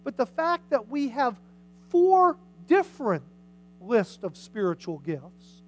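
A pastor preaching a sermon in a church service. The pastor talks casually, puts questions to the congregation, and reads scripture aloud, swinging between loud and soft. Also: mid-range voice, big pitch swings, takes it slowly, poor audio.

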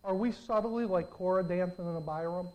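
A preacher giving a sermon, telling the story in an animated way full of rhetorical questions. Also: mid-range voice, brisk, dull audio.

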